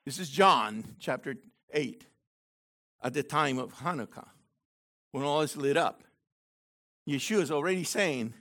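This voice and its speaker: A man with a high, animated voice preaches a sermon in a chatty, teacherly way. His tone is bright and forceful, rising for emphasis and dropping to a low aside for quotes. He keeps checking in with his listeners. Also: unhurried, long pauses. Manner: conversational preaching, asks the crowd "okay?". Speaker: messianic teacher.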